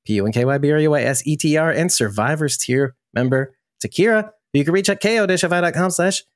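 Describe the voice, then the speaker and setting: A man's voice: on the high side, quick pace, no echo. Man, podcast host, casual chat, jokey and rambling, dry close sound. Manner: jokey, rambling, self-deprecating.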